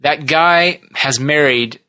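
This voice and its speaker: A man hosting a podcast, chatting casually and retelling TV scenes in a rambling, animated way. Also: a little high, slow pace, no echo. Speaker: podcast host. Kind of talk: casual chat.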